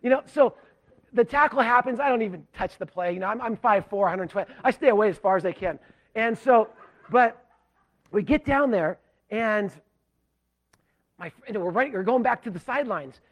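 A pastor from Southern California telling a self-deprecating story in a sermon, animated and full of restarts. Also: male voice, high-pitched, normal speed, long pauses. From Southern California, USA.

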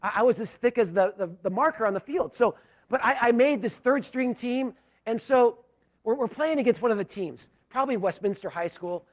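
High-voiced man telling a sermon story. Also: brisk. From Southern California, USA. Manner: animated, self-deprecating storyteller with frequent restarts. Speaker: pastor.

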